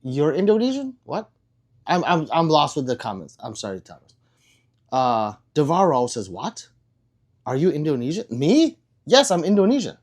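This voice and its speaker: A man's voice: on the high side, very animated, moderate pace, darkish tone. A young man hosting a casual live stream, joking and rambling as he reads out viewer comments. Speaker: livestream host reading chat.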